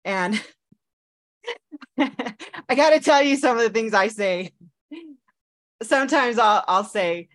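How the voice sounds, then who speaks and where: Animated laughing woman podcast co-host. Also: a little high, takes it slowly, long pauses. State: engaged to be married. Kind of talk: casual chat.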